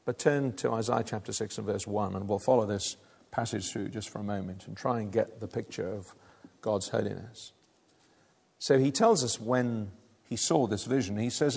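A man's voice: on the low side, normal speed, gravelly, a little mellow, slightly rough. A man preaching a sermon, explaining a passage in an earnest way, often restarting his sentences. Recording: long reverb of a hall.

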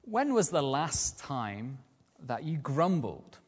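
A man giving a lively evening sermon as a lay preacher, using rhetorical questions and repetition. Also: medium pitch, slow, long reverb tail. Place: church.

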